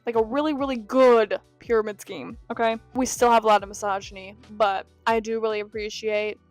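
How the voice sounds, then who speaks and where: A young woman chatting casually in a reading vlog, rambling and self-deprecating, with quiet asides now and then. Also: fairly high pitch, fairly even intonation, fairly quick, faint music behind. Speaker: book vlogger.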